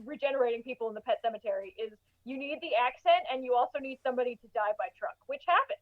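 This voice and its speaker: A woman's voice: sits high, fast, no room sound, narrow, tinny audio. A woman as a guest on a casual horror movie podcast, giggly and chatty with many fillers. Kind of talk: casual chat.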